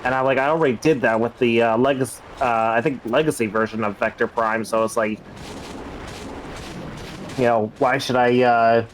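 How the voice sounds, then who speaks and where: A man's voice: mid-range voice, steady tone, normal speed, a little hiss or hum. Male co-host, mid-range voice, meandering filler-heavy chatter. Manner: rambling, lots of fillers. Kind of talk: casual game stream chat.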